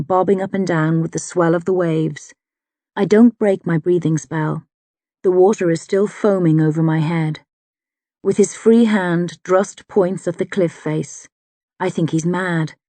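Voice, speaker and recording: A woman narrating a fantasy audiobook in the first person, with a measured, dramatic delivery. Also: lowish voice, dark tone, no echo.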